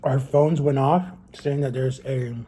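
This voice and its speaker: Young man, husky voice, mellow tone, casual vlog, earnest, rambling, restarts sentences. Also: medium pitch, fairly even intonation, measured pace. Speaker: vlogger. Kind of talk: casual talk to camera.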